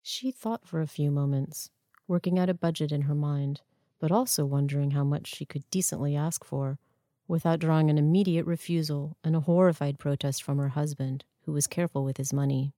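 A woman narrating a story in a measured, even storytelling manner. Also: low voice, no room sound. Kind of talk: scripted narration. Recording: dry close studio sound.

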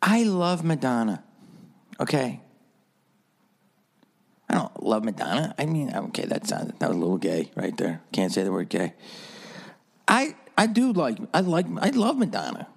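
A man's voice: medium pitch, huge pitch swings, moderate pace, gravelly, pauses often. Sarcastic rambling male podcaster. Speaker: podcast host. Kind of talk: solo podcast monologue.

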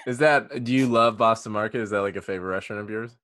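A man's voice: on the low side, fast, fairly bright tone. A man interviewing a guest in mock-earnest fashion in an improv comedy bit.

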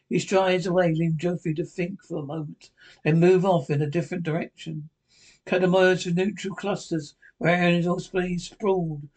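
A man narrating a podcast retelling of a TV episode, reading haltingly and often restarting phrases. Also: sits high, darkish tone, low-quality recording.

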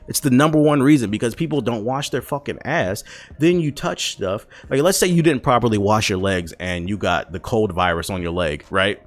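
A grown man ranting loudly and profanely, scolding his audience with emphatic repetition. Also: medium pitch. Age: adult. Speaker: vlogger. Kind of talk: profane comedic rant.

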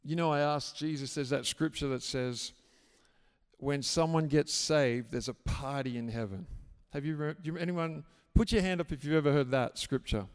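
A man preaching a sermon in a church hall, swinging from hushed prayer to emphatic shouting. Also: on the high side, moderate pace, smooth. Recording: echoey hall reverb.

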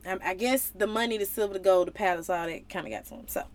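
A woman giving a casual, slangy Bible lesson in an animated way, slipping into playful voices. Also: medium pitch, quick pace. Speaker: Bible teacher.

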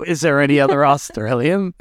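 A man's voice: fairly high pitch, a little slow, dry recording, clean studio sound. A man from Rhode Island hosting a podcast, cracking crude jokes in casual chat. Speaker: podcast host.

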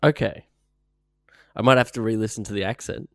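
A man's voice: on the low side, steady tone, brisk, fairly bright tone, dry recording, studio quality. A man co-hosting a casual podcast, asking questions, hesitant and often laughing. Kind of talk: casual chat.

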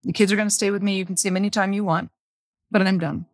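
A woman's voice: medium pitch, fairly even intonation, fast talker, dry recording, studio quality. A woman guest on a podcast, candidly telling her own story in plain words and repeating phrases for emphasis. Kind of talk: personal storytelling interview.

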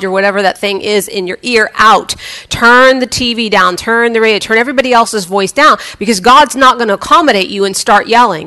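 A woman's voice: medium pitch, sharp tone. A woman preacher giving a conversational sermon, chatty and humorous, often restarting her sentences.

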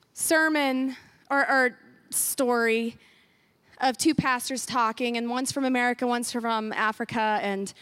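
A woman pastor delivers an earnest sermon in a church. Her voice sits high, and she leans on repeated phrases to drive each point home. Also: a bit bright, no echo. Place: church sanctuary.

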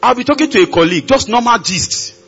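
A Nigerian man preaching a sermon at a large conference, leading the congregation in call and response and building to shouts. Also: very high-pitched, expressive, quick pace, husky, muffled recording, faint music behind. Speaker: pastor.

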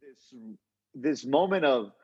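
Husky-voiced man telling a rambling story. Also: mid-range voice, slow pace, long reverb tail. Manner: animated, rambling, lots of restarts and slang. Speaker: interview guest, entrepreneur. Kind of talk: casual storytelling. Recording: dull lo-fi audio.

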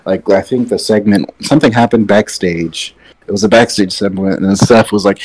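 Low-voiced man, opinionated casual chat. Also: fast talker, a little mellow, rough recording. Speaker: podcast co-host. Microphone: sitting away from his mic.

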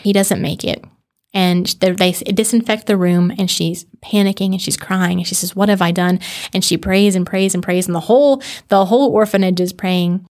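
A woman's voice: mid-range voice, moderate pace, darkish tone. Earnest woman telling a true story. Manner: earnest, conversational, with small restarts and asides. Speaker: podcast host. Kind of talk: storytelling narration of a true history.

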